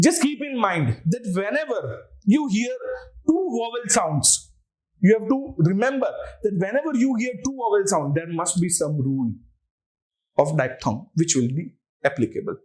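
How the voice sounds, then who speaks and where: Lively high-voiced male language teacher. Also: moderate pace. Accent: Indian English. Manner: patient, spells words out letter by letter. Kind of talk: online lecture.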